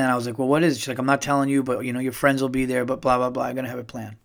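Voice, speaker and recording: A middle-aged man hosting a podcast, telling a long personal story in a rambling, excited way and swearing often. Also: mid-range voice, rapid-fire, hardly any pauses. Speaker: podcast host. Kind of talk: casual storytelling monologue.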